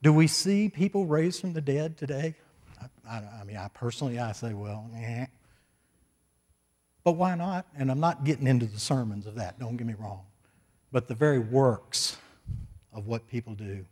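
A man's voice: mid-range voice, expressive, moderate pace, a little mellow, husky. An older man preaching, telling a personal story in a folksy, chatty way with asides, into a microphone. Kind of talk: sermon storytelling. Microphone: stage microphone.

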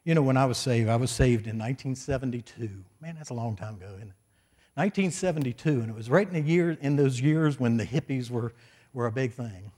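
A man's voice: medium pitch, fairly quick, darkish tone. An older man preaching, telling a personal story in a folksy, chatty way with asides, into a microphone. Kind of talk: sermon storytelling. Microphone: stage microphone.

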